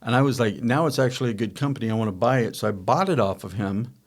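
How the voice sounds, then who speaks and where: Middle-aged male podcast host, rambling storyteller, even mid-range voice. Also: mid-range voice, fast. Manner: rambling, self-correcting, acts out quoted dialogue. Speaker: podcast host, company founder. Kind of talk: casual storytelling chat.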